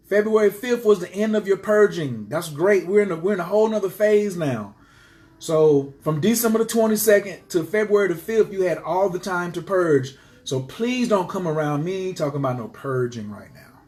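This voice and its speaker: Man doing a live stream on astrology, slightly high voice, super emphatic, keeps repeating himself. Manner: passionate and emphatic, repeats points forcefully. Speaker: astrology teacher. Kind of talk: casual live-stream talk to viewers.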